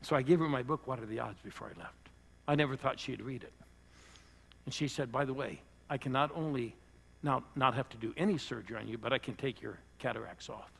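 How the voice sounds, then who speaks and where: An older man, a pastor, preaching to a church audience and telling a personal story, rising to loud bursts and dropping to hushed lines. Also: mid-range voice, brisk, vocal fry. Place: church service before a live audience.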